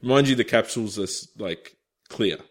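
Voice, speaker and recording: A man's voice: on the low side, moderate pace. A man co-hosting a podcast, posing hypothetical scenarios in casual, playful banter and laughing often. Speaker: podcast co-host.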